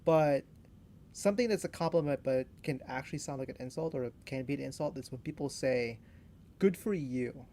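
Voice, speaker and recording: A man's voice: mid-range voice, brisk, mellow, a little hiss or hum. A young man co-hosting a podcast, talking casually and hesitantly, with many fillers. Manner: loose and hesitant, lots of "like" and "you know". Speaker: podcast co-host. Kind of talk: casual chat.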